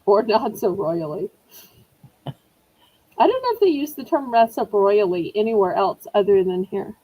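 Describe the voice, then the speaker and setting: A woman's voice: mid-range voice, sing-song, measured pace, phone-quality sound. A middle-aged woman hosting a live online auction, chatting in a rambling, apologetic way. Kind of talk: live-stream selling chat.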